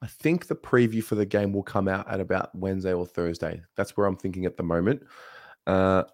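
A man co-hosting a football fan show, relaxed and calm as he steers it along and reads out announcements. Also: low voice, brisk, dry recording, studio quality. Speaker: co-host. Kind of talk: casual show chat and announcements.

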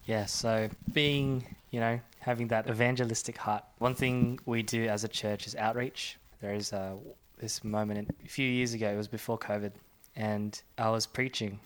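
A man's voice: lowish voice, fairly even intonation, moderate pace, few pauses, slight background noise. A young man, a church minister, sharing an earnest personal testimony and reading scripture aloud with growing force. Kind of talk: personal testimony in a faith conversation.

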